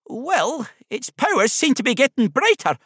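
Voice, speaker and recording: A man's voice: very high-pitched, very animated, normal speed, fairly bright tone, breathy edge, no echo, studio quality, voice pushed up, heavily acted. Randolph, a man doing a genteel Scottish teddy bear. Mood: wry. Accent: soft Scottish. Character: old male teddy bear, polite and dry.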